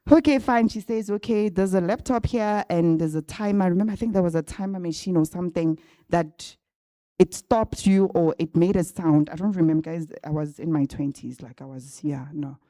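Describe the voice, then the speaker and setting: A woman's voice: on the low side, normal speed, warm tone, no echo, studio quality. A woman telling a personal story to an audience of graduates in a casual way, often checking in with "right?". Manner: chatty, addresses the audience directly with frequent "right?". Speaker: guest speaker at a graduate bootcamp. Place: event venue with a live audience. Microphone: handheld or stand microphone.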